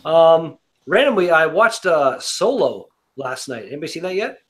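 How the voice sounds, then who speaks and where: A man's voice: on the high side, very animated, normal speed. A man in casual chat, rambling with lots of fillers and swearing.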